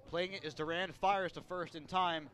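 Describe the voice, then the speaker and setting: A man calling a baseball game play-by-play with a slightly high voice. He keeps it relaxed and chatty between pitches and lifts it when a play happens. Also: moderate pace. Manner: relaxed, chatty, rises on big plays. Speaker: play-by-play announcer.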